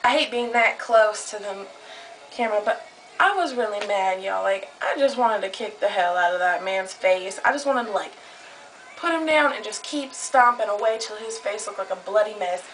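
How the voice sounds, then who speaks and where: A woman's voice: medium pitch, expressive, moderate pace, fairly bright tone, slight background noise, low-quality recording. A young woman telling a heated story into her camera, agitated and swearing a lot. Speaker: vlogger. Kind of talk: casual vlog storytelling. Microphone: camera close up.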